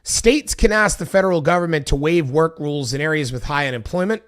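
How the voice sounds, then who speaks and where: A man with a slightly higher voice than most men walks through a bill out loud on his stream. He reads the text, then drops into casual, filler-heavy asides to his viewers. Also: a little fast. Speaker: political commentary streamer.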